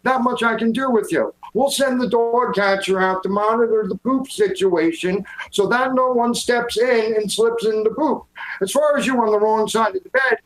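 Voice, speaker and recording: Deadpan man, dispatcher role, fairly high voice, echoey room, improv comedy. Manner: wry, deadpan and quick to take other lines. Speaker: improv host playing a dispatcher. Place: video call from home.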